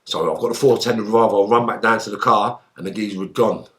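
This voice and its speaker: A man, a guest in an interview, telling a story in lively, swearing style and acting out the lines he quotes. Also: lowish voice, fast talker. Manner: animated, swearing, acts out shouted quotes.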